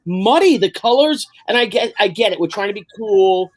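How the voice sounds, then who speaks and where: A man's voice: high voice, lively intonation, normal speed. A man co-hosting a casual video-call chat among cartoonists, rambling and emphatic, often swearing. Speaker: comic artist co-host.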